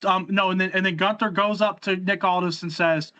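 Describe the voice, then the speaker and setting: A man with a high, bright voice hosts a casual podcast chat. He rambles through his retelling and keeps restarting and repeating words. The recording sounds a touch dull and lo-fi. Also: steady tone, fairly quick. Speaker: podcast host. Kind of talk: casual podcast chat recapping wrestling shows.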